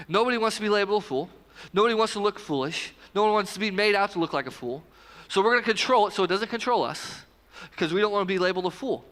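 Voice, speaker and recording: A man in his thirties preaching a casual, joking sermon at a live church service, talking straight to the congregation with quick asides. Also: high voice, animated, fairly bright tone, in a large hall. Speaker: pastor.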